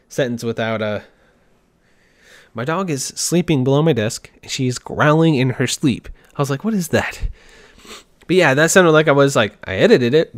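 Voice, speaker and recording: A man's voice: medium pitch, no echo. A man casually recapping a game showcase on his own show, rambling, correcting himself and acting out fan reactions. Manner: rambling, self-interrupting, mock-acts fan reactions. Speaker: gaming podcast host. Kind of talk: casual solo commentary. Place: home desk.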